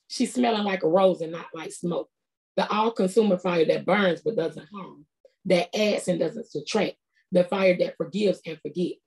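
A woman's voice: on the low side, gravelly, darkish tone. A middle-aged woman, preaching a sermon in an earnest, conversational, colloquial way. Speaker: prophetess preaching.

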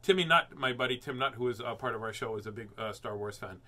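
A man's voice: mid-range voice, fast, bright, forceful tone. A man hosting a live read-aloud of a children's book, chatting playfully between pages in a rambling, joking way full of fillers. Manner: rambling and jokey, with many fillers and silly sounds. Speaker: host reading children's books aloud.

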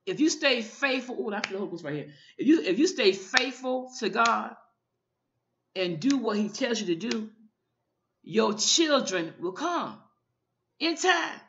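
A woman's voice: a little high, very animated, unhurried, fairly bright tone, lo-fi sound, a little hiss or hum. A woman minister giving an informal online sermon, fervent and often repeating her calls to the listener.

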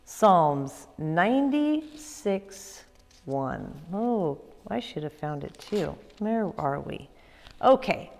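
A woman children's pastor giving a kids' church lesson, upbeat and expressive as she tells stories to children. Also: on the low side, very slow, vocal fry. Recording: echoey room with long reverb.

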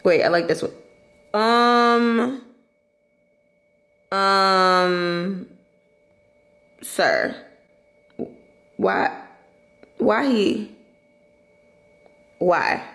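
A woman's voice: mid-range voice, sing-song, extremely slow, long pauses, fairly bright tone, poor audio. A young woman, chatting casually to the camera in a vlog and laughing often. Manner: chatty, laughs often, talks straight to viewers. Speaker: vlogger. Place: at home, then a restaurant.

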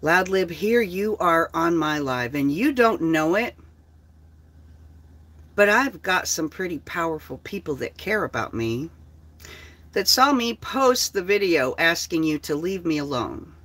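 A woman's voice: on the low side, big pitch swings, measured pace, a bit bright. A woman talking on her own livestream, blunt and heavily profane. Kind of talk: casual livestream talk.

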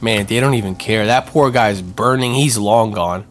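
With game music loud in the background, this let's-play host talks in a lowish voice at normal speed. He keeps things casual and full of slang, growing excitable in tense moments, when he yelps and says things over and over.

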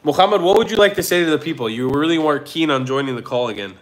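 A man's voice: fairly high pitch, animated, racing. A man hosting a live stream call, teasing and interrupting his caller. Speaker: streamer host.

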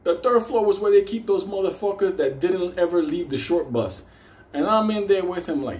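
Laughing through his tale and cursing nonstop, a man animatedly recounts a casual story. His voice sits high at normal speed, and the room echoes with a bit of faint noise.

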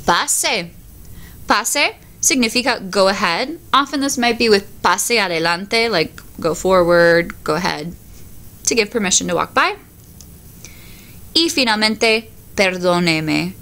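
A woman's voice: mid-range voice, expressive, measured pace, sharp tone. A woman teacher reads Spanish words one by one, then explains each in for her class. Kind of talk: recorded vocabulary lesson.

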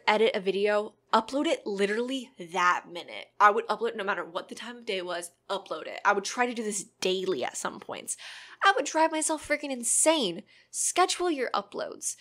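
A woman's voice: a little high, fairly bright tone. A woman in casual chat, answering viewer questions with earnest, encouraging advice, rambling with many ums and likes.

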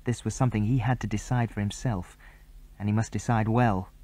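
A man reading a children's adventure story aloud, telling it in a clear, even way. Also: fairly low pitch, brisk. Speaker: audiobook narrator. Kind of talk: storybook narration.

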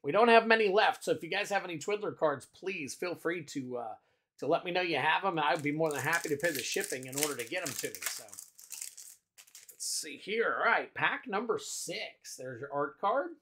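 Guy opening card packs, reads off each card, lively up and down voice, easygoing chatter. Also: on the high side, fairly quick. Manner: chatty, lists cards aloud with little asides. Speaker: card-opening channel host. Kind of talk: casual card-opening commentary.

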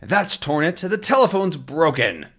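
A man voicing a young male reporter from a comic, reading his lines with brisk urgency. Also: a little high, big pitch swings, a bit bright, husky, voice pushed up, exaggerated voice. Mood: determined.

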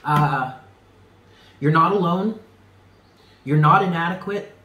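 A man's voice: on the high side, slow pace, sharp tone, roomy sound, rough recording. A man giving a tarot reading, speaking earnestly and stressing points by repeating them. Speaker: tarot reader.

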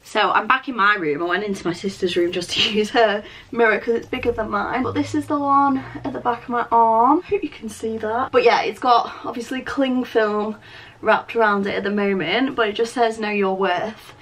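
A woman's voice: fairly high pitch, steady tone, fairly bright tone. A young woman, vlogging casually to a handheld camera, chatty and flustered. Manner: chatty and flustered, quick asides. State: out of breath.

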